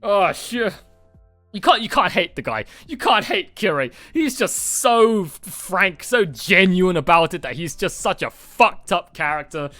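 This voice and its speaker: A man hosting a movie reaction video, talking excitedly and rambling, with frequent swearing and restarts. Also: high-pitched, a little slow, no room sound, soft background music. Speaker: reaction channel host. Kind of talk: casual movie reaction chat.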